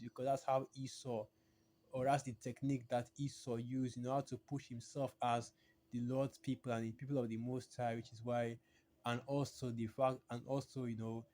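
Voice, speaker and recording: A man of medium pitch delivers a solo video sermon, close to the mic. He talks emphatically, circles back over his phrases, and lifts his voice when he reads passages aloud. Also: a little mellow. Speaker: preacher. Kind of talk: solo religious video teaching.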